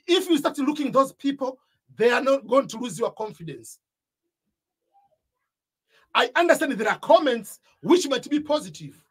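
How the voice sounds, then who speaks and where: A man with an East African accent coaching would-be YouTubers, speaking straight to camera. His voice has a husky, slightly rough edge, and he drives each point home by repeating it. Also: very high-pitched, very animated, normal speed, pauses often. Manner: emphatic, repeats key points. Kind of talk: motivational talk to camera.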